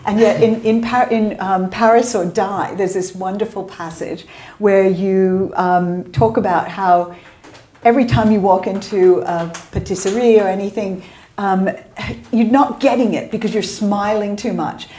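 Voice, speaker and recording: A woman interviewing an author at a bookshop event, asking questions in a hesitant, halting way. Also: mid-range voice, fairly even intonation, dark tone, echoey room. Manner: hesitant, many fillers and restarts.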